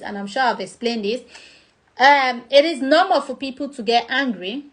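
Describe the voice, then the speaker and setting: A woman's voice: high-pitched, a bit bright. A woman with a Nigerian accent explaining a topic in a chatty vlog, acting out examples. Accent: Nigerian English. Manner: chatty, uses acted-out examples. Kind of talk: casual explanatory talk.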